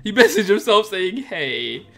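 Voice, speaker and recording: A young man giving excitable, laugh-filled commentary as he hosts a video of his own game prank. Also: high voice, unhurried. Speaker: Minecraft trolling video host. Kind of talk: casual gameplay commentary. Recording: faint music behind.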